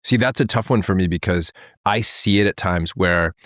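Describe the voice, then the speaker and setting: A man's voice: low voice, normal speed, fairly bright tone, dry recording, clean studio sound. A man hosting a podcast, talking candidly and joking, questioning himself. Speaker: podcast host. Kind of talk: podcast interview.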